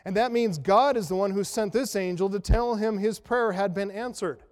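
A man's voice: sits high, normal speed, a little mellow. A man preaching a sermon in a conversational way, asking rhetorical questions and making self-deprecating jokes. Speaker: pastor. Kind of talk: expository sermon. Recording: long reverb of a large hall.

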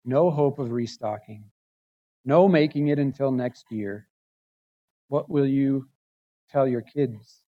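A man's voice: medium pitch, unhurried, dark tone, dull audio. A male pastor preaching a sermon, emphatic and building intensity through lists and rhetorical questions.

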